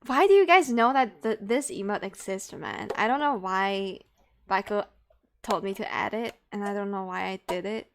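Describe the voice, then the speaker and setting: A woman's voice: medium pitch, normal speed, a little hiss or hum. A young woman streaming live, chatting casually in a playful, giggly, self-mocking way.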